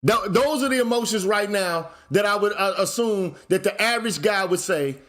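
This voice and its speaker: A man's voice: high voice, moderate pace, few pauses, fairly bright tone. A man hosting his channel, ranting in casual commentary, blunt and profane, firing off repeated rhetorical questions. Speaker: channel host.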